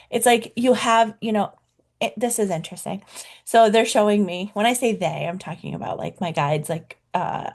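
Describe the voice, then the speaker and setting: A woman talking to camera as a coach, in a casual, reflective way, full of "like" and "right?", slowing down to linger on key words. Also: medium pitch, darkish tone. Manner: chatty, many fillers like "like" and "right?". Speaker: life coach.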